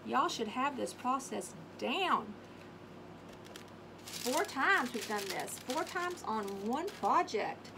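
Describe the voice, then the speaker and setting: A woman's voice: sits high, noisy background. Chatty woman crafting, humming scat tunes. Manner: chatty, sings little scat tunes while working. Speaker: craft video host. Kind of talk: casual crafting tutorial. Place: home craft space on an acreage.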